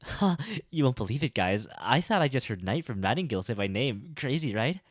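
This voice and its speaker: A man voicing an excitable blind young woman in an audiobook reading, with a gushing manner. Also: medium pitch, a little fast, dry recording, studio quality, voice pushed up. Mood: starstruck.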